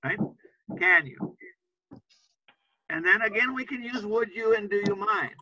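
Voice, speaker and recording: A man's voice: sits high, unhurried, lo-fi sound, background noise. A man teaching an English class to students, patiently repeating example phrases and often checking understanding with "right?".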